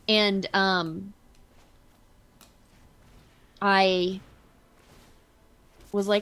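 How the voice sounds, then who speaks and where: A woman hosting a casual gaming stream, chatting as she plays. She tells stories with lively energy and jumps from the game to everyday news. Her voice sits at an ordinary middle pitch. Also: slow pace, pauses often. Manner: chatty, animated storyteller. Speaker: streamer playing a card game. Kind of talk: casual chat while gaming.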